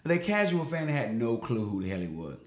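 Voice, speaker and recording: A man talks sports with animated, emphatic energy and plenty of slang. His voice sits in a mid range. The room around him rings with noticeable echo. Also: medium pitch, fairly quick. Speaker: sports talk co-host. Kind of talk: casual opinionated sports talk. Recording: roomy echo.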